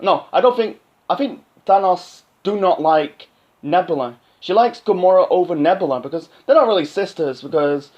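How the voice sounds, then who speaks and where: A man giving a casual, rambling movie review, halting often and filling gaps with "you know". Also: high voice, expressive. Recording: dull lo-fi sound.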